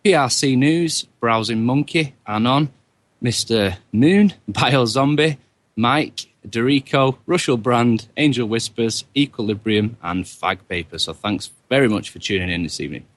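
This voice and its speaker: A man co-hosting a radio show, reading out names in a relaxed, steady way. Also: mid-range voice, unhurried. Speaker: radio co-host. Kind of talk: reading out chat room names.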